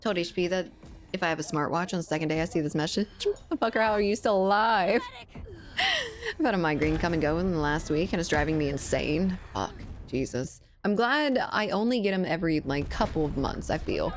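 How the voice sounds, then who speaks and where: A woman in her late twenties from South Louisiana banters with her chat while she plays a shooter. She jokes, swears freely and speaks in a somewhat low voice. Soft gunfire sounds run faintly underneath. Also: expressive, a little fast, slight background noise. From South Louisiana, USA. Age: 20s. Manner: joking, swears often, banters with viewers. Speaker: gaming streamer. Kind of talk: casual chat while playing a shooter and reading chat. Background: faint game gunfire.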